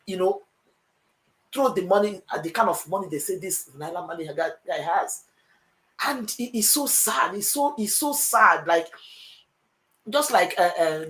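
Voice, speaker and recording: A woman's voice: on the low side, low-quality recording. A woman with a Nigerian accent speaking on a talk show panel, hesitant and heartfelt, with many fillers. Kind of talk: emotional panel discussion.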